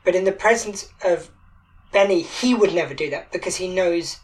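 A woman's voice: lowish voice, moderate pace, darkish tone, rough recording. A woman co-hosting a podcast in casual chat. She is an actor and talks enthusiastically, often restarting her sentences.

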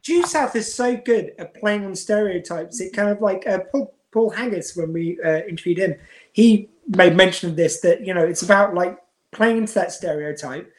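A woman co-hosting a podcast, chatting about a TV episode with quick asides and rhetorical questions. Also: medium pitch. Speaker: podcast co-host. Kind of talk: casual chat reviewing a TV episode.

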